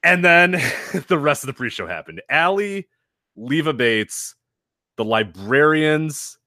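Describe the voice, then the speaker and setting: A man co-hosting a casual wrestling podcast, animated, laughing often and swearing freely as he acts out quoted people. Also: fairly high pitch, takes it slowly, no echo, clean studio sound. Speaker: podcast co-host.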